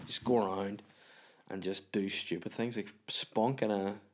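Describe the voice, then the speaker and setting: A man's voice: lowish voice, steady tone, measured pace, slight background noise. Sweary, rambling Northern Irish man. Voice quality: sweary, self-mocking, rambling. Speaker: podcast host. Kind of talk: casual solo podcast chat. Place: room at home.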